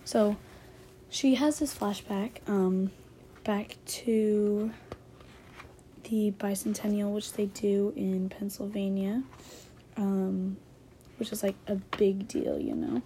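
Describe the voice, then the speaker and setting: A woman's voice: medium pitch, steady tone, slow pace, pauses often, mellow, a little hiss or hum. A woman casually retelling a book's plot as host of a book talk episode, chatty and loaded with "like" fillers. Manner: chatty, filler-heavy, says "like" constantly.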